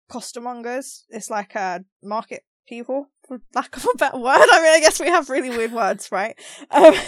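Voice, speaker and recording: On the high side, this London woman's Cockney voice carries a laid-back podcast conversation with no room sound. As co-host, she laughs frequently and leans on examples to explain things.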